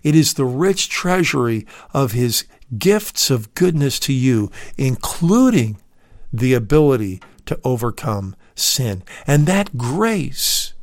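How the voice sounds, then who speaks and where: A man's voice: mid-range voice, big pitch swings, takes it slowly, no echo, studio quality. A man preaching a recorded sermon to his listeners, calling them dear friend and leaning hard on key words. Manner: emphatic, swells on key words. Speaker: radio preacher.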